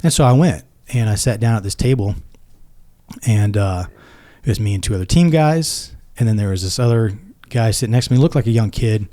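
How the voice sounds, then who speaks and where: A middle-aged man, a former Navy SEAL, telling stories casually and acting out the quoted lines in a lively way. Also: lowish voice, fairly quick. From United States. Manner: animated, acts out quoted dialogue. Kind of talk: casual storytelling.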